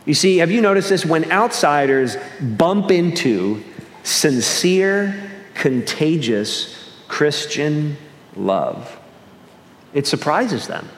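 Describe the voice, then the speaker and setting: Earnest pastor preaching in an echoey hall. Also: male voice, fairly high pitch, sing-song, slow. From Northeast US. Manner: earnest, with repeated restarts and shifting pace. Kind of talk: sermon. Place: church sanctuary. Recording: echoey hall with long reverb.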